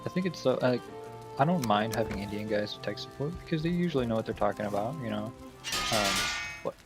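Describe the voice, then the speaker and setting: A man's voice: on the low side, expressive, fast talker, music in the background. A man streaming a game, talking bluntly and swearing freely in casual chat. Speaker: gaming streamer.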